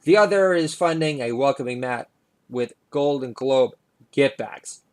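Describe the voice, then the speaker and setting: A man's voice: medium pitch, animated, a little slow, a little mellow. A middle-aged man, a comedian hosting his own podcast, delivering a rambling, sardonic monologue full of "uh"s. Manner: sardonic, filler-heavy delivery with frequent "uh".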